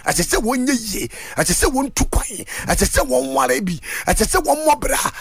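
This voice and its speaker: A man delivers a fervent sermon in a high, swooping voice that leaps up and down. His tone is raspy and gravelly, and he mixes Twi and English as he calls out to his listeners. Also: very animated, moderate pace, dry recording. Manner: fervent, mixing Twi and English, shouting at peaks. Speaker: preacher.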